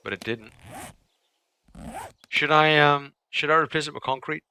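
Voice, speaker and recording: A man's voice: fairly high pitch, a little slow, sharp tone, clear, resonant tone. A young man streaming a survival game live, chatting casually, swearing now and then, grumbling at the game and answering his chat. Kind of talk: live gameplay commentary.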